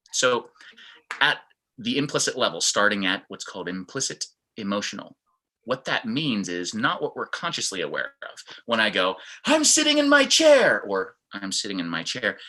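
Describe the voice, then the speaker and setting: A man's voice: on the low side, sharp tone, low-quality recording. A man teaching a fitness class over video, explaining step by step and acting out different tones of voice as examples. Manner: demonstrative, acts out tones of voice. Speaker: fitness instructor.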